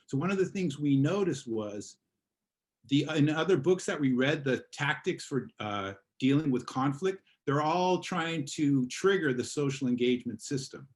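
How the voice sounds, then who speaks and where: A man teaching an online class in a casual way, acting out examples as he explains. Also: mid-range voice. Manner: casual, acts out examples in voices. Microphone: video call.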